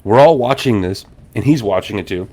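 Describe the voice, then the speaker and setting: A young adult man hosting a podcast, telling a story in a casual, animated way, swearing and acting out the people in it. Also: on the low side, fairly quick, slight background noise. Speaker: podcast host.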